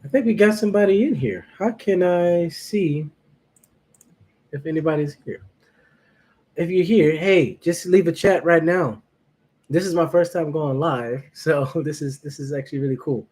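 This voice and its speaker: A man's voice: fairly high pitch, normal speed, a little mellow. Nervous, chatty livestream host, man. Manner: chatty, greets viewers by name, laughs often. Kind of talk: casual livestream chat to viewers.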